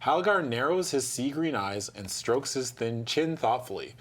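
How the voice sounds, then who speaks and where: A man reading a gamebook aloud in a tabletop stream, with a profane, joking, animated manner between passages. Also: medium pitch, moderate pace, slight background noise.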